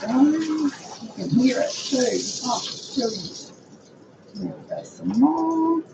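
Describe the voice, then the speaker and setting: Croaky woman demonstrating cooking. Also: sits high, sing-song, slow. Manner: chatty, talks to viewers while cooking. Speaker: cooking show host. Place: home kitchen. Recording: dull lo-fi audio with background noise.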